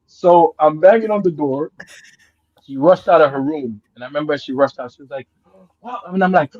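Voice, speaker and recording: Jamaica-raised man, animated storyteller, raised pitch; muffled, dry recording. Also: moderate pace, no echo. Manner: animated, swings from loud excited bursts to low murmurs, laughs often, swears. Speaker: guest. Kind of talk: casual storytelling.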